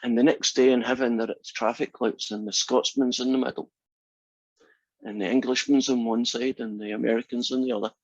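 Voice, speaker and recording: A man's voice: medium pitch, flat delivery, a little fast, dry recording, lo-fi sound. A male math instructor giving a chatty classroom lecture and joking with his students. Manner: chatty, tells jokes with asides.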